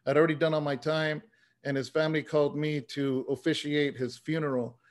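A man's voice: fairly high pitch, level tone, brisk. A man, a pastor and former rapper, telling his life story in an earnest, conversational way with a lot of "man" and "you know". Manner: earnest, story-driven, says "man" often.

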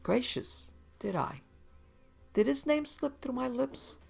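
Fussy, prim male client with a whiny, raised pitch and a gravelly edge, as a woman reader puts him on. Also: lively intonation, takes it slowly, exaggerated voice. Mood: wheedling. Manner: prim, fussy wheedling talk, higher pitch. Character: fussy, wheedling middle-aged man client. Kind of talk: storybook reading.

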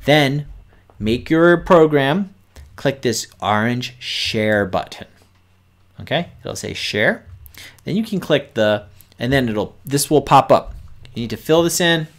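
A man's voice: mid-range voice, lively intonation, slow pace. A man teaching kids to code on a live stream, explaining patiently step by step and talking straight to the viewers. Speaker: teacher hosting a coding stream.

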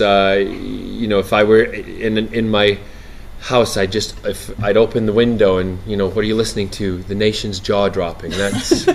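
A man being interviewed on set about his acting role, animated and laughing, often restarting his sentences. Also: on the low side, slight background noise. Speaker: actor interviewee. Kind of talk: press junket interview. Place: outdoor TV set, press line.

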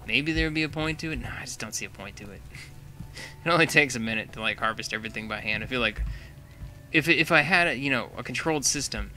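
A man's voice: mid-range voice, fast talker, bright, forceful tone. A young man giving casual, chatty commentary while playing a building game, thinking aloud and laughing often. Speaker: gaming channel host.

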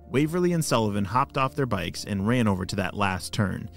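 A man's voice: lowish voice, animated, fairly quick, creaky, hardly any pauses, soft background music. A man hosting a children's story podcast, narrating in an enthusiastic, playful way.

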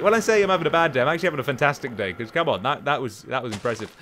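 A man's voice: mid-range voice, animated, rapid-fire, hardly any pauses, fairly bright tone, a little hiss or hum. A young man hosting a let's play from home, rambling to himself and taunting enemies as he plays. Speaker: gaming channel host. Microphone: desk microphone.

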